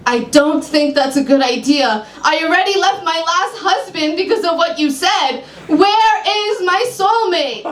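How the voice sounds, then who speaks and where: A woman's voice: very high-pitched, expressive, unhurried, few pauses, voice pushed up. A woman voicing a desperate young female client, pleading and exasperated. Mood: frantic. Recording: echoey room, far mic, faint hum.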